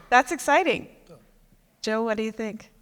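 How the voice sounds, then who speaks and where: A woman's voice: a little high, a little slow, fairly bright tone, smooth. A woman moderating a panel, asking curious follow-up questions. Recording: long reverb of a large hall.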